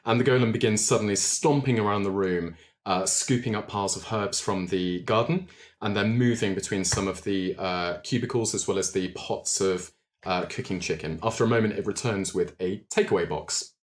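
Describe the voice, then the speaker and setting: A man narrating a tabletop game as game master, measured and full of ums. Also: fairly low pitch.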